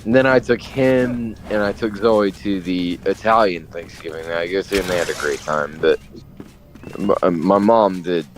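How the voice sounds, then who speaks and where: A man's voice: deep voice, measured pace, low-quality recording. Man, hesitant, casual chat, faint background noise. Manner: hesitant, restarts, many fillers. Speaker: gaming chat friend.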